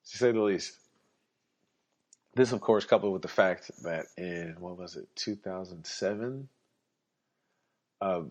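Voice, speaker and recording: A young adult man hosting a podcast, talking in a casual monologue. He is blunt, sarcastic and swears freely. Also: sits low. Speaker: podcast host. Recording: dull lo-fi recording.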